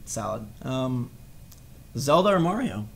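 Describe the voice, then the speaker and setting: A man's voice: mid-range voice, sing-song, slow, vocal fry, a crowd in the background. A young man hosting a casual podcast, goofy and playful, joking with his co-hosts. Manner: goofy, playful, puts on silly voices. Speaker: podcast host.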